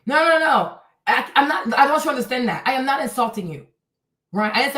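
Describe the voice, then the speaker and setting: A woman's voice: on the high side, quick pace, fairly bright tone, echoey room, recorded from a distance, low-quality recording. A woman livestreaming commentary, reading and answering her chat in a blunt, scolding way, repeating her points.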